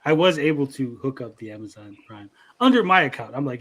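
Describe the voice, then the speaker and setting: Husky-voiced man telling a story. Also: medium pitch, quick pace. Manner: animated, profane storytelling with many repeats. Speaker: podcast host. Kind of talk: casual chat.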